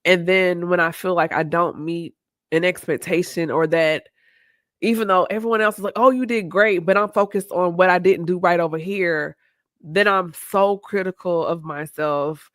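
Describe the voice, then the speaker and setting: A woman's voice: fairly low pitch, moderate pace, no echo, studio quality. Reflective woman host. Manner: reflective, open, quotes herself and others in lively voices. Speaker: podcast host. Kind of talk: candid conversational chat.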